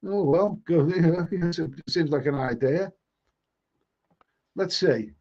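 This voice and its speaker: A man's voice: a little high, slow pace, mellow. A middle-aged man with a Liverpool accent hosting a live stream, chatting casually and reading viewer comments, often stammering and repeating words. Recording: dull lo-fi stream audio.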